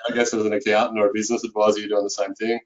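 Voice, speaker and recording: An accountant speaking as a guest in a relaxed interview, filling his speech with "you know". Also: on the low side, very fast, lo-fi sound. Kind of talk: conversational interview.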